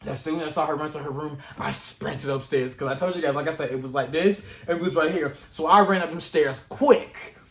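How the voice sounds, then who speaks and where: A man's voice: on the high side, fairly quick, few pauses, fairly bright tone. A young man vlogging a casual storytime to camera, retelling events dramatically with slang and asides to his viewers. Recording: echoey room.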